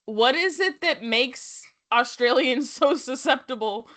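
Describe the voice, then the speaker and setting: Woman, podcast co-host, slow and hesitant, lots of um and like, casual chat. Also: sits high, a bit bright. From United States.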